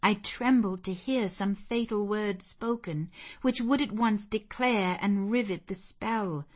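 In a medium-pitched voice, a woman narrates a classic novel for an audiobook, delivering the scripted text in a measured, expressive storytelling manner.

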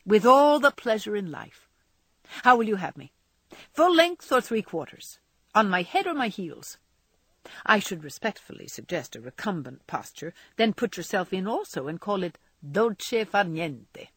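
A woman voicing an idle, teasing young gentleman. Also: medium pitch, sing-song, unhurried, breathy edge, no room sound, full character voice. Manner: lazy, playfully evasive.

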